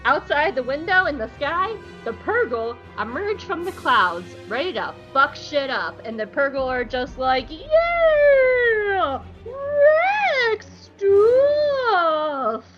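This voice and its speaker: A woman co-hosting a podcast, recapping an episode in an animated, profane, joking way. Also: sits high, moderate pace, hardly any pauses, lo-fi sound, soft background music. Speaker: podcast co-host.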